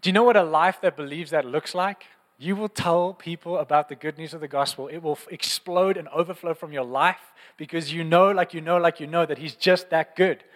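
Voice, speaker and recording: A man's voice: fairly high pitch, fairly quick, in a large hall. A man preaching a sermon in an earnest, passionate, conversational way, often repeating phrases. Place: church.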